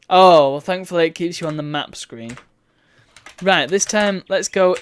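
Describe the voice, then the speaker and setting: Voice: medium pitch, fairly bright tone, slight background noise. A streamer giving wry, bemused commentary while reading a game's text aloud. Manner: wry, bemused asides between read-out lines.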